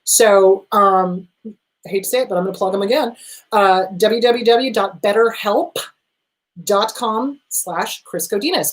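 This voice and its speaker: A middle-aged woman therapist hosting an advice show, answering viewer questions in an emphatic, animated way and talking straight to the listener. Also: medium pitch, rough recording. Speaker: therapist host.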